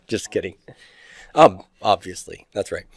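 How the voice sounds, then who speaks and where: A man's voice: fairly low pitch, sing-song, slow, gravelly, husky, no echo. A man teaching a Greek grammar lesson, chatty and teasing, drilling word forms aloud. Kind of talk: recorded classroom lecture.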